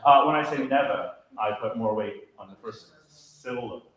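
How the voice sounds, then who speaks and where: Choir director in a very echoey hall. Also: male voice, medium pitch, normal speed. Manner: energetic, coaching, sings example phrases. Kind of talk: choir rehearsal instruction. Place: large echoey rehearsal hall. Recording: very echoey hall, faint music.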